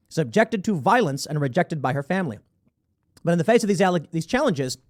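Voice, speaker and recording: A man's voice: sits high, darkish tone. A man hosting a commentary show, reading a news story aloud and mocking it with sarcastic asides and acted-out imagined exchanges. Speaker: show host.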